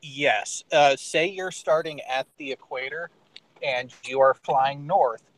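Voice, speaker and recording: A man who has worked on aircraft, explaining in a halting way with restarts on a casual group call. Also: medium pitch, poor audio. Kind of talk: casual online group chat. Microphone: computer mic on a video call.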